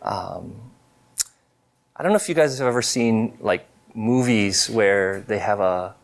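Man preaching a testimony, lowish voice, halting, earnest, confessional. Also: expressive. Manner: halting, many fillers and restarts. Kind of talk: personal testimony in a sermon.

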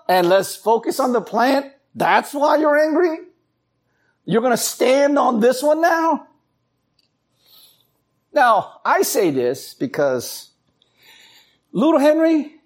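A man preaching a sermon, telling stories and acting out voices as he goes. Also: extremely high pitch. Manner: animated storytelling, acts out voices. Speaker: pastor.

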